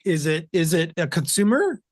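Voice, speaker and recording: A man's voice: on the high side, big pitch swings, normal speed. Chatty host, a man filling with "again". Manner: conversational, filler-heavy, repeats "again". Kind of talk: casual explanatory chat.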